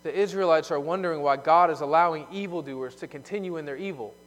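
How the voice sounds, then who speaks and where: A male pastor delivers an expository sermon in a fairly high voice. He swings from forceful emphasis to hushed, quiet asides. The sound carries a long reverb, as in a large hall. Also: fast. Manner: explanatory preaching, shifting from loud emphasis to hushed asides.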